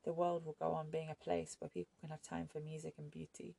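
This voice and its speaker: A woman reading a quiet, resigned young man, gravelly. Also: deep voice, level tone, brisk, exaggerated voice. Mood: sorrowful. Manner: soft-spoken, never raises voice.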